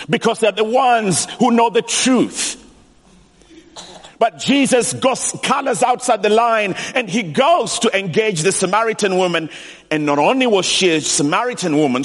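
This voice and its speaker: A man preaching a sermon in a church, animated and emphatic, repeating key lines for weight. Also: high-pitched. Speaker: pastor. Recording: long reverb of a large hall.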